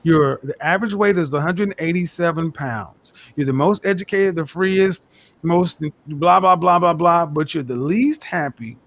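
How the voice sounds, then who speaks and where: A man arguing his case as a panel guest, reeling off statistics in a forceful, argumentative way. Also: on the high side, measured pace. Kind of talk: casual panel debate.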